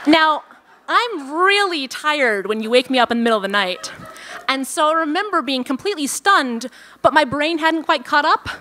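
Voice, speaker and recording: Live on stage at a venue event, a woman tells a personal story, lively and amused at herself, acting out her own thoughts. Her voice sits high, with slight background noise.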